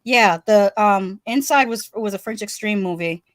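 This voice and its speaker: A woman's voice: mid-range voice, normal speed, no room sound. A woman co-hosting a casual livestream chat, laughing often and reading comments from the chat aloud. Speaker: co-host. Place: home, live stream.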